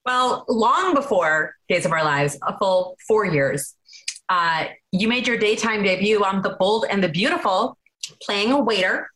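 A woman's voice: medium pitch, a little slow, a bit bright, rough recording. A woman hosting an interview, asking friendly, prepared questions. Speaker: interviewer, magazine host.

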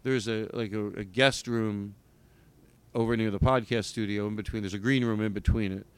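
A man hosting a podcast in casual chat, rambling and animated, breaking into loud shouted bits. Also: fairly low pitch, normal speed, smooth, no room sound. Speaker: podcast host.

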